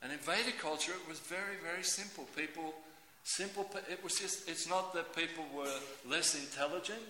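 A man preaching a sermon in a lively, theatrical way, acting out everyday scenes with voices. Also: a little high, moderate pace, slight background noise. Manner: animated, acts out scenes with voices. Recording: echoey hall.

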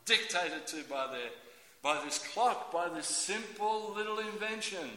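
A man preaching a sermon in a lively, theatrical way, acting out everyday scenes with voices. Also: high voice, unhurried. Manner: animated, acts out scenes with voices. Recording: echoey hall.

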